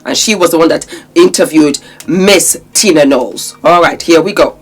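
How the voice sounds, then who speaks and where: A woman's voice: sits low, moderate pace. A woman hosting a commentary vlog, talking emphatically and calling her viewers darlings. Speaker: commentary channel host.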